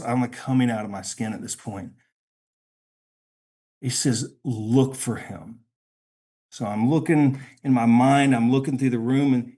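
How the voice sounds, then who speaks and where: Halting, emotional man telling his story. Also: medium pitch, darkish tone. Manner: halting, repeats words, emotional. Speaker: podcast guest. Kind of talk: personal storytelling.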